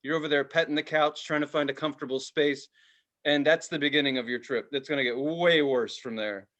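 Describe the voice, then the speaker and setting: A middle-aged man co-hosting a casual podcast chat, telling a story with lively energy. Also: on the high side, brisk. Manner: animated storyteller, acts out quotes loudly. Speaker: podcast co-host.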